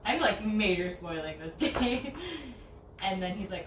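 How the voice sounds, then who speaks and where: A young woman chats casually during a craft session, giggling and rambling through a long story in bursts of animated quoted voices. She sits well back from the mic in a roomy, echoing space. Steady noise hangs behind her. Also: mid-range voice, a little slow. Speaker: DIY crafter. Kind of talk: casual chat. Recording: echoey, distant, noisy room mic.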